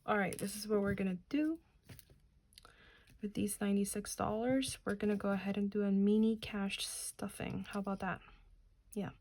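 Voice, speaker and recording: A woman's voice: mid-range voice, fairly even intonation, normal speed, darkish tone. A woman in her thirties from New Jersey, chatting casually while counting cash aloud and muttering to herself. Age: 30s. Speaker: budgeting channel host.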